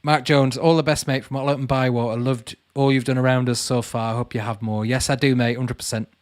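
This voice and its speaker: A man with a mid-range voice and little pitch movement hosts a casual livestream, briskly reading viewers' comments aloud and chatting back, calling them "mate." He's a channel host answering live chat, recorded in clean studio sound with no room noise.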